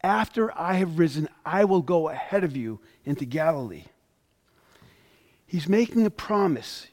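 A man's voice: on the high side, expressive, normal speed, a little mellow. A male pastor preaching a sermon, reading scripture aloud and stressing the quoted words. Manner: reads scripture aloud, with emphatic rises on quoted lines.

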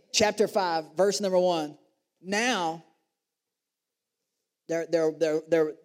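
A man's voice: a little high, big-room sound. A man preaching a sermon, reading scripture aloud and joking with the congregation. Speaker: pastor.

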